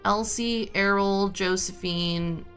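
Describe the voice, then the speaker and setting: A woman's voice: medium pitch, fairly even intonation, slow pace, fairly bright tone, soft background music. A woman livestreamer chatting casually with her viewers while she plays a game, rambling from topic to topic. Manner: chatty and rambling, talks to chat. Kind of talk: casual chat while gaming.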